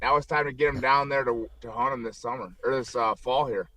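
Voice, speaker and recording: A man's voice: mid-range voice, fairly even intonation, a little fast, sharp tone, dry recording. A man talking as a radio guest, upbeat and jokey as he tells stories in casual chat. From United States.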